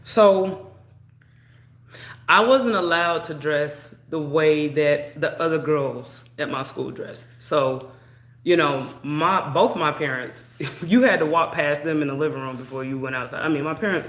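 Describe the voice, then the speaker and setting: A woman's voice: sits low, fairly bright tone. Chatty woman telling a story, roomy echo. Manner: chatty, drawn-out, full of "you know". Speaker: vlogger. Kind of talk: casual storytelling. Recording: echoey room.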